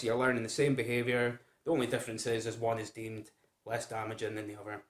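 Man, informal and chatty, mid-pitched voice, roomy reverberant recording. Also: little pitch movement, fast talker. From Scotland. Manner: chatty, informal, addresses viewers as guys and folks. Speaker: founder of a gambling recovery group. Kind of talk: casual direct-to-camera talk.

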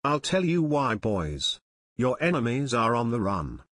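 A seasoned detective father , voiced by a man reading a storybook, speaks in measured, confident tones. The pitch is middling, and the sound is close and dry. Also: big pitch swings, a bit bright, dry recording. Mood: assured.

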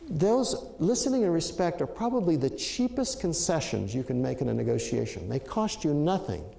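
A man's voice: on the high side, sing-song, normal speed, gravelly, mellow, reverberant. An older man giving a talk, telling a story in a reflective, anecdotal way with fillers and restarts. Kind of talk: storytelling lecture.

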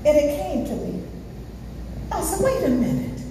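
A woman's voice: high-pitched, sing-song, moderate pace, noisy background. A woman evangelist preaching a sermon, emphatic, half-singing phrases and calling out to the congregation. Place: church sanctuary. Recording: echoey church hall from far off.

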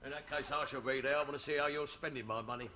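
An actor playing a grumpy, stingy, sarcastic brother-in-law in a 1970s studio sitcom. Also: male voice, medium pitch, fairly even intonation, racing, lightly acted. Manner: sarcastic, grumbling. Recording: hissy old TV soundtrack.

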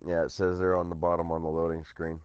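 A man's voice: sits low, level tone, quick pace, clear, resonant tone, no room sound, muffled recording. A young man bantering with friends over voice chat while gaming, laughing, swearing and teasing. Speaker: gamer in voice chat. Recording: voice chat over game gunfire. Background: game gunfire.

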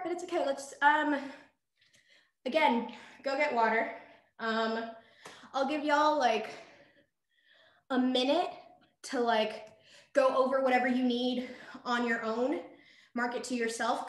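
A young woman teaching a virtual dance workshop in a chatty, upbeat way over a video call, out of breath and full of fillers. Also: fairly high pitch. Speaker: dance instructor. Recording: echoey room.

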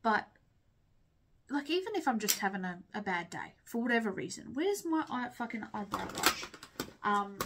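A woman's voice: medium pitch, sing-song, moderate pace, heavy background noise. A young woman chatting candidly while doing her makeup, rambling and sniffling as she talks. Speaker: vlogger.

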